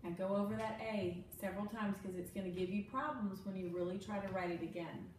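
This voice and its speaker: A woman tutor leads a one-on-one phonics lesson, prompting each step patiently and clearly. She is recorded from some distance in a very echoey room. A faint background ambience sits under her voice. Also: medium pitch, a little fast, a little hiss or hum. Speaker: reading and spelling tutor.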